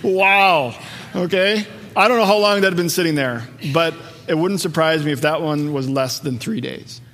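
A man's voice: fairly high pitch, moderate pace. A man preaching a sermon, telling stories with energy and acting out the voices of the people in them. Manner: lively storytelling, acts out voices. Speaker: pastor. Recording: long reverb of a large hall.

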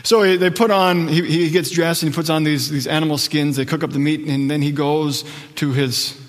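A man's voice: a little high, fairly even intonation, normal speed. Man preaching in a reverberant hall. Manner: conversational storytelling with acted quotes. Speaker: pastor. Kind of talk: sermon.

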